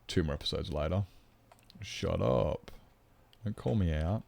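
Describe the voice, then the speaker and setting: A man's voice: animated, a little slow, vocal fry, darkish tone, slight background noise. A man chatting casually with viewers on a live stream, playful and teasing, putting on mock-whiny protests. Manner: playful, teasing, mock-whiny, squeaking up high when joking. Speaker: livestreamer. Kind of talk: casual livestream chat with viewers.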